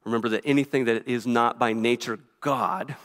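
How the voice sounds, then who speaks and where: A man preaches a sermon in a rushed, earnest flow, stumbling over and restarting his phrases. His voice sits at an ordinary middle pitch. A long reverb trails every line, as in a church sanctuary. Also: fairly even intonation, a bit bright. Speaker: pastor. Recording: reverberant hall.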